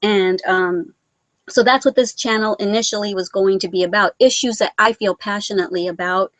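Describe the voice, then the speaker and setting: A woman's voice: medium pitch, moderate pace, no room sound, poor audio. Woman vlogger, Mexican-born, mid-range voice, rambling and sentimental, dry close recording. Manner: rambling, sentimental, self-deprecating. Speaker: vlogger reading viewer comments. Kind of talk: casual live-stream chat.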